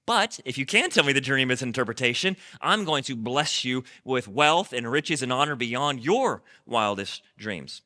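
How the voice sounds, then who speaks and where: A man's voice: mid-range voice, expressive, normal speed, hardly any pauses, sharp tone, long reverb tail. A man preaching who voices an angry tyrant king making blunt, menacing threats. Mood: threatening.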